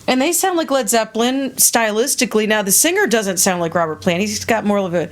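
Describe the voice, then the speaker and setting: A woman musician giving a casual interview, speaking bluntly with frequent swearing and sudden jumps into high mocking voices. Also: lively intonation, a little fast.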